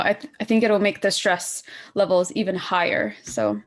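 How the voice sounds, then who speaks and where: A woman's voice: medium pitch, fairly quick. A woman hosting a casual interview, bubbly and giggly, with lots of "like" fillers. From Canada. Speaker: interview host.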